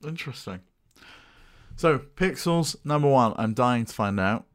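A man's voice: medium pitch, expressive, measured pace, no room sound, studio quality. A man co-hosting a podcast, chatting in an easygoing, wry way. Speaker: podcast co-host. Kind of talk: casual chat.

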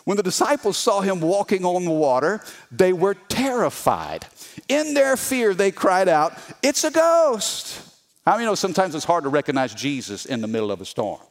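A middle-aged male pastor preaching an energetic sermon, calling on the congregation to respond. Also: high-pitched, fairly quick. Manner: animated, call-and-response with congregation.

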